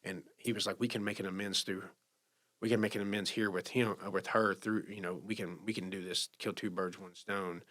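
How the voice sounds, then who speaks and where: A man talks through a personal story in a low, unpolished voice. He speaks haltingly and with feeling, often repeating himself and starting over mid-sentence. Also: steady tone, fairly bright tone. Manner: emotional, halting, many restarts. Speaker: podcast guest sharing recovery story. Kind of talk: casual storytelling.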